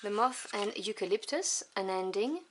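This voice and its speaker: A woman whose first language is French, reviewing tarot cards one by one. She lists each card softly and without hurry, adding fond little asides. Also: mid-range voice, lively intonation, slight background noise. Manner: soft, unhurried listing with fond asides.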